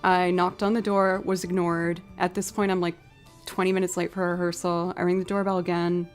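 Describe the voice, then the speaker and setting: A woman's voice: lowish voice, little pitch movement, brisk, faint music behind. A woman chatting casually with her livestream viewers, telling a story and acting out both sides of the conversation. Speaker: livestream musician. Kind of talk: casual chat with live stream viewers.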